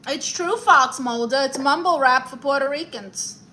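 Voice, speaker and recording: With a high, sharp voice at normal speed and slight background noise, a woman with a New York accent hosts a relaxed livestream. She reads viewer comments aloud and gives advice as a sassy, theatrical auntie, full of honeys and darlings.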